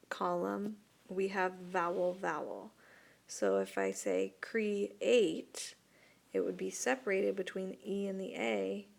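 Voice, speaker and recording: A woman teacher speaks slowly and patiently as she records a video lesson. Her voice has a gravelly edge of fry, and she walks her students through each step. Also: mid-range voice. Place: voice-over for an interactive whiteboard video.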